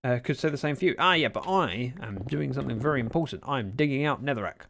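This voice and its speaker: A man's voice: medium pitch, animated, fast, creaky, fairly bright tone, slight background noise. A British man chatting casually on a game livestream, reading viewer messages aloud with dry, self-mocking humour. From Britain. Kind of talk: casual livestream chat while gaming.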